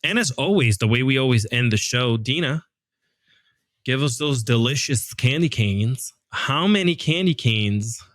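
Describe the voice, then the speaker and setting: A man's voice: mid-range voice, expressive, a little slow, fairly bright tone, no room sound, clean studio sound. A man hosting a podcast, chatting casually about films, often breaking off mid-thought and laughing. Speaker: podcast host. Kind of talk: casual film chat.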